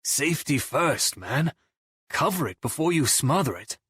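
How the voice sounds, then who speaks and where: A man voicing a big, brash, crude male bassist in an audiobook. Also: big pitch swings, a little slow, a bit bright, breathy edge, dry recording, studio quality, full character voice. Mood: blunt. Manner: blunt, crude. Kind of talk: audiobook character voice.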